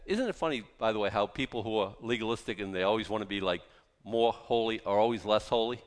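A man preaching a sermon in an animated, mocking way, full of rhetorical questions. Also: fairly low pitch, fast, big-room sound. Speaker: pastor.

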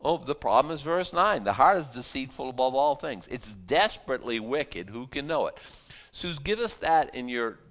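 A man's voice: mid-range voice, very animated, normal speed, a bit bright. A man teaching a sermon on a Bible passage in a conversational way, often repeating words as he goes.

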